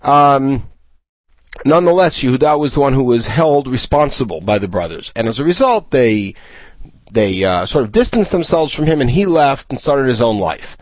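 A man teaching a Torah study lesson, his pitch rising and falling in a lively, animated way as he counts through the verses. He reads Hebrew phrases aloud between his explanations. The sound is dry and close, with no room echo. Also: normal speed.

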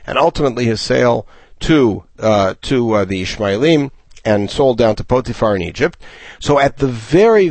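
A man's voice: medium pitch, a little mellow, no room sound. A man giving a Torah study lecture, counting and explaining verses and reading Hebrew phrases aloud. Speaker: Torah teacher.

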